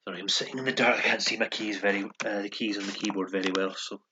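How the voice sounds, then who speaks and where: A man with a somewhat low voice talks through a lesson in a casual, explanatory way. He sounds relaxed and thinks aloud, pausing often between phrases. He is at a computer in a dark room. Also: slight background noise. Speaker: language learner recording his lessons.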